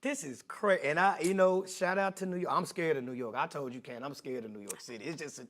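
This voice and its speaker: A man with a Southern US accent co-hosting a casual talk show, animated and laughing, dropping his voice for serious points. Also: fairly high pitch, a little fast. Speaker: co-host.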